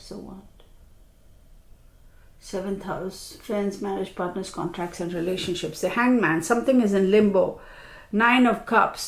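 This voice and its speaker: A woman's voice: a little high, creaky, reverberant. A woman reading tarot cards. She sounds tired and congested from allergies, and she talks in a chatty, reassuring way with many fillers. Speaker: tarot reader.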